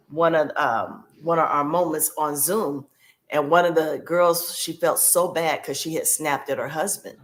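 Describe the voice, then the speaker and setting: Heartfelt woman telling her story. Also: sits low. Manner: heartfelt, repeats key phrases for emphasis. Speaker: podcast guest, former caregiver. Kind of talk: personal storytelling in conversation.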